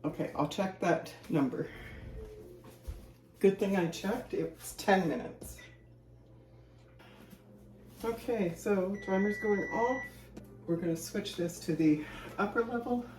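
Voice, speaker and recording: A woman's voice: mid-range voice, takes it slowly, long pauses, noisy background. Chatty woman in an echoey kitchen. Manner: chatty, rambling, thinks aloud. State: a little out of breath. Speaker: home cooking vlogger. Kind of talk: casual kitchen chat. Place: home kitchen.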